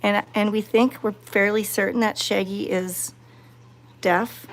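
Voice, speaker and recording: A woman chatting to her viewers while petting cats, excited and fond, cooing softly to the animals. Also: medium pitch, a little slow. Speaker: cat sanctuary vlogger.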